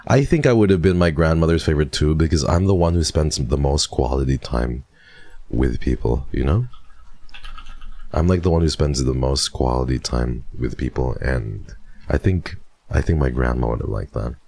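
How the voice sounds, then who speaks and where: A male VTuber chatting with his live audience. His voice sits extremely low with a gravelly, creaky edge. He talks in an easygoing, chatty way and often breaks into soft laughs. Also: moderate pace, no echo. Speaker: VTuber streamer. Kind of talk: casual chat with live stream viewers.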